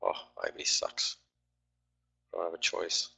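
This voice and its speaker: A man's voice: a little slow, bright, forceful tone. A man talking through live trades on a stream, grumbling and swearing at his trading platform.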